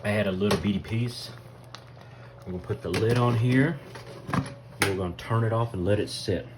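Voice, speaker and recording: A man's voice: lowish voice, moderate pace, heavy background noise. A man with a Southern US accent hosting a casual cooking vlog from his home kitchen, chatting folksily to viewers and calling them y'all. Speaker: cooking video host.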